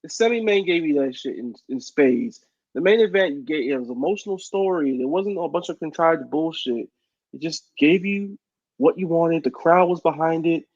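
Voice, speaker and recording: A man's voice: fairly high pitch, expressive, normal speed, darkish tone, dry recording. A man co-hosting a wrestling podcast, speaking in an enthusiastic, emphatic way. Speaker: podcast co-host. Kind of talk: casual wrestling podcast chat. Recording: dull lo-fi mic.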